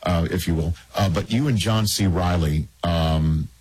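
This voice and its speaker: Raspy, low-voiced man hosting an interview. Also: darkish tone, dry recording. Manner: halting, full of fillers and restarts. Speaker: interview host. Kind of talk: casual interview.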